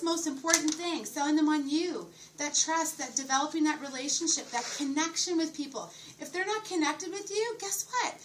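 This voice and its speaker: A woman's voice: high voice, lively intonation, normal speed, hardly any pauses. A middle-aged woman giving a sales training talk, enthusiastic and often asking her audience questions. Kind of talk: sales training talk with role-played pitch. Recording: distant mic with faint room noise.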